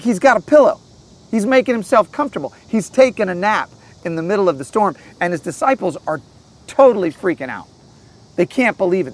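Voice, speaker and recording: A man giving an earnest, storytelling sermon outdoors by a lake, swinging between loud and soft passages. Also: sits high. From St. Louis area. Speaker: pastor.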